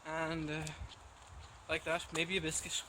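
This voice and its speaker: A man's voice: on the high side, monotone, unhurried, pushed and bright, slight background noise. A man with a Dublin Irish accent, chatting casually to camera at home in a rambling, self-deprecating way. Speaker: vlogger.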